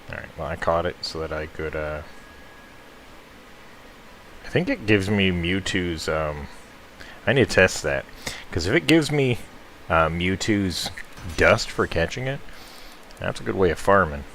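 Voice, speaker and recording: A man's voice: very deep voice, gravelly, a bit bright, a little hiss or hum. A man streaming a game, chatting casually in a laid-back, slangy, rambling way. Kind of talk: casual live-stream chat.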